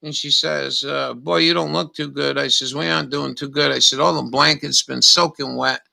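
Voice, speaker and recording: A man's voice: a little high, fairly even intonation, moderate pace, gravelly, bright, forceful tone, roomy sound, recorded from a distance. An older man telling rambling, profane stories in a meandering monologue. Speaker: vlogger.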